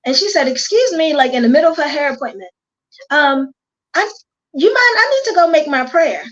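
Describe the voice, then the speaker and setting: A woman with a Baltimore accent, a hair stylist guest chatting casually and telling stories with animated quoted dialogue. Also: sits high, brisk, lo-fi sound. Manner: animated storyteller, quotes herself and others. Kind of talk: casual chat.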